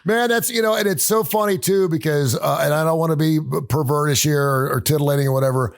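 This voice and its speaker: A man's voice: on the high side, fast talker, creaky. A middle-aged American man co-hosting a radio show, telling stories in casual banter and laughing often. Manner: storytelling, laughs often, animated retelling.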